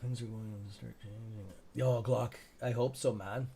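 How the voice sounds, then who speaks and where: A young man hosting a live trading stream, reading chat and reacting with excitable, profane commentary and muttered asides. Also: medium pitch, moderate pace, creaky, a little hiss or hum. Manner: excitable, profane, talks to viewers by nickname; mutters asides to himself under his breath. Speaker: stock trading livestream host.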